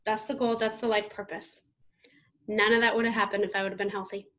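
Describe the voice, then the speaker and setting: A woman's voice: mid-range voice, flat delivery, brisk, a bit bright. Emphatic woman giving a keynote. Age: 30s. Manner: emphatic, punchy, addresses audience directly. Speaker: motivational keynote speaker. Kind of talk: motivational keynote speech.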